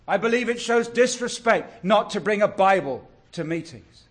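High-voiced preacher. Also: male voice, lively intonation. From England. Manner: earnest and exhortative, stretching key words slowly. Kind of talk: sermon.

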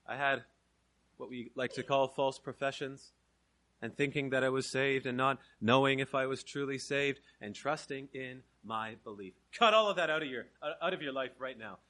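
A young man from Canada preaching an evangelistic sermon, swinging from soft, slow emphasis to loud, driving proclamation. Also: medium pitch.

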